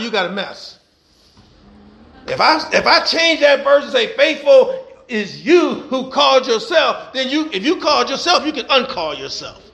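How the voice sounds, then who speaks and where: A high-pitched male pastor preaching, his voice gravelly and rough. He drives his points home through repetition and emphatic call-outs to the congregation. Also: sharp tone. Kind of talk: sermon.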